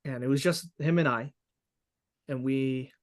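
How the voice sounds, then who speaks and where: A man playing a gruff burly ex-soldier laborer. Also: mid-range voice, fairly even intonation, unhurried, natural voice. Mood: confiding. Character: gruff burly ex-military male construction worker. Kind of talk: character voice in tabletop game.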